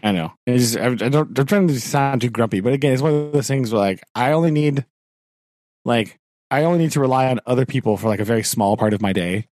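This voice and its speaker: A man's voice: medium pitch, fast, darkish tone, no room sound, studio quality. A man, a teacher and podcast co-host, chatting casually and ranting in exasperation, laughing often and acting out quoted exchanges. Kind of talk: casual chat.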